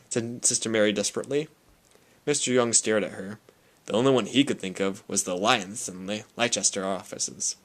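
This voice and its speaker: A young man reading a novel aloud with expressive, animated storytelling. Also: on the low side, a little fast. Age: young adult. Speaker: audiobook reader.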